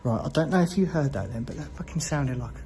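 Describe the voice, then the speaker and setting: A man's voice: on the high side, fast talker, warm tone, breathy edge. A man exploring an abandoned building alone at night, whispering his fear and swearing often into a handheld camera. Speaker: solo paranormal explorer.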